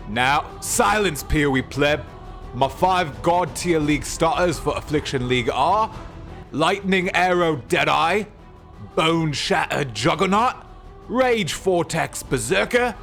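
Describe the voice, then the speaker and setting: A man voicing Zeus as a haughty, bossy male god in a put-on Cockney accent, with slow, commanding proclamations. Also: fairly high pitch, creaky, a bit bright, voice pushed up, exaggerated voice. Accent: Cockney, put on badly.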